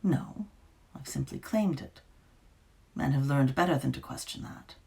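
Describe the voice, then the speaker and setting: A woman doing a rasping stern forest witch. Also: a little slow, full character voice. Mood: cold. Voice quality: rasping, gravelly. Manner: toneless, low and quiet.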